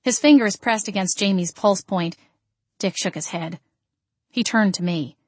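A woman reading a first-person audiobook in a steady, expressive storytelling voice. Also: medium pitch, unhurried, no room sound. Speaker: audiobook narrator.

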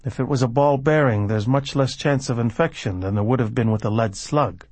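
A man's voice: medium pitch, fairly quick, a little mellow, dry recording, natural voice. A man voicing a cool, unsentimental former doctor who talks in a precise, clinical way.

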